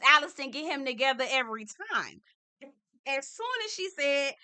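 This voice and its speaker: A young woman chats through a reality TV recap. Her voice sits a bit high and sounds bright. She is animated and expressive, acting out quotes with lots of laughter. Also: moderate pace. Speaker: TV recap host.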